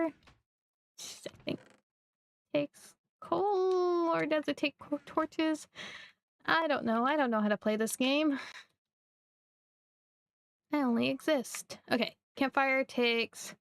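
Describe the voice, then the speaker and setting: Young woman streamer, chatty and self-deprecating, higher-pitched, dry close sound. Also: takes it slowly, gravelly, pauses often, no echo. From Missouri. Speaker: livestreamer. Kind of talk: casual live gameplay chat.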